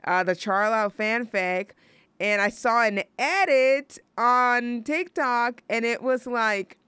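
Young woman, radio host, solo chat, rambling, gushing, smooth voice, dry studio sound. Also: a little high, slow pace, a bit bright, no room sound. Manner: rambling, gushing, self-interrupting with fillers.

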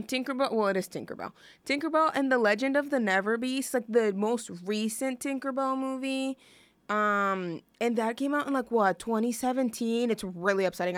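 A woman's voice: on the high side, no room sound. Rambling young woman hosting a music show. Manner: rambling, filler-heavy, gushing. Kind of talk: casual chat.

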